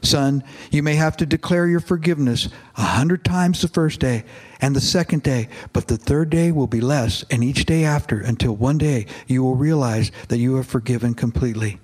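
A man reading aloud gives voice to a patient, tender father figure, calm and reassuring, in a mid-pitched voice. He speaks earnestly, as if comforting a grieving son in a spoken storybook. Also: normal speed, breathy edge, lightly acted.

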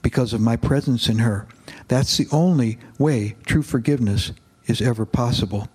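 Man reading as a gentle wise father figure, calm, earnest, reassuring, storybook reading. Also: medium pitch, moderate pace, breathy edge, lightly acted. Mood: tender. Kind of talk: reading aloud from a novel.

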